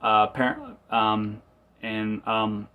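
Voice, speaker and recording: A man casually recaps and reviews a TV episode, rambling, correcting himself, and acting out quotes along the way. His voice is fairly low, slow, smooth, and monotone, with narrow, tinny audio.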